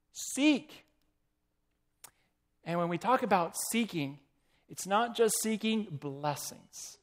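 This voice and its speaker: A man preaching a sermon, asking the congregation questions and reading quotations aloud. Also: high-pitched.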